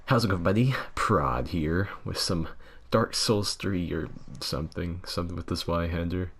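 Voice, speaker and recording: A man doing a casual impression of a laid-back male gaming YouTuber, with a slow, drawn-out friendly greeting. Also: deep voice, slightly rough.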